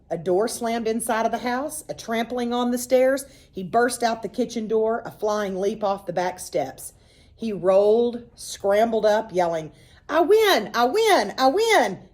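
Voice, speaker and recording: A woman reading a children's novel aloud, expressive and playful, voicing the kids' dialogue. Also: medium pitch. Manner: expressive storytelling, voices for the children. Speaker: reader.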